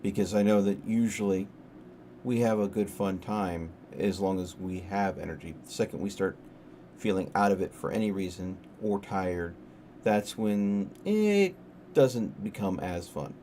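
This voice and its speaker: A man acting as game master on a group stream, talking in a calm, measured and persuasive way over a voice call. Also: sits low. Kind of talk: casual chat on a group stream. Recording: faint background noise.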